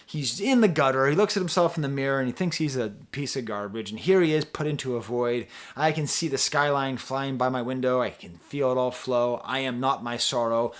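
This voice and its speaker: A man giving a casual, rambling album review, breaking off into asides to the viewer, his pitch and loudness jumping up and dropping low. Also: brisk, hardly any pauses. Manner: animated, pitch and loudness swing widely. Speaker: music reviewer, channel host.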